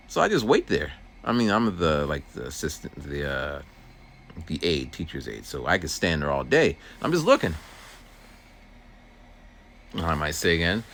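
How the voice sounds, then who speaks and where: A man's voice: rumbling low, wildly swooping pitch, normal speed, long pauses, a bit bright, a little hiss or hum. A man who works as a teacher's aide, rambling through a casual story outdoors while walking and acting out voices. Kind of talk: casual walking vlog monologue.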